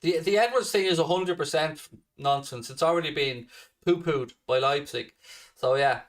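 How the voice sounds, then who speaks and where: A man's voice: on the high side, normal speed, distant mic. A man hosting a fan channel, answering viewer questions in a blunt, sweary, casual chat.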